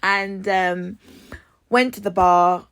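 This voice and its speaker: Slow-talking woman telling stories. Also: medium pitch, fairly even intonation, fairly bright tone, clear, resonant tone. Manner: dramatic, acts out her own reactions, swears freely. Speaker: vlogger telling dating stories. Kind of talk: casual storytelling.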